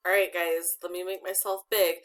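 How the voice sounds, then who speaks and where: A woman's voice: on the low side, flat delivery, normal speed, fairly bright tone. A woman teacher giving an online phonics lesson to children, patiently asking questions and prompting pupils to answer.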